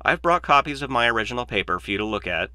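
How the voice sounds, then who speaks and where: A man's voice: mid-range voice, big pitch swings, fast, sharp tone, clean tone, no echo, pitched above the performer's own voice. A man voicing a glib, opinionated male mathematician in a dry, lecturing, sardonic manner, read as an audiobook. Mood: brisk. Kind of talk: audiobook reading.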